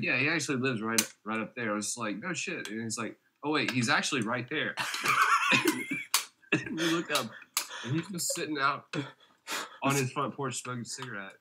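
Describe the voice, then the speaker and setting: A man from Georgia co-hosting a casual podcast, a laid-back storyteller with deadpan jokes. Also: medium pitch, background noise. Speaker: podcast co-host. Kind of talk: casual chat.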